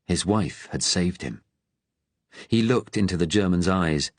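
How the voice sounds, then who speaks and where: A man with a fairly low voice narrates a wartime thriller audiobook at a steady, measured pace. The reading is close-miked and dry. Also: no room sound.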